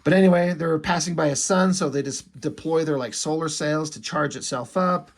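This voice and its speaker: Casual male comic reviewer, slightly high voice, loose and irreverent, swears, acts out characters' lines. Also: normal speed, creaky.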